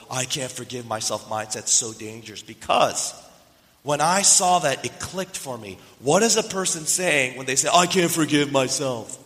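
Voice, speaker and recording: A pastor giving a sermon, telling a story and asking the listeners questions. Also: male voice, medium pitch, fairly bright tone. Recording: reverberant hall.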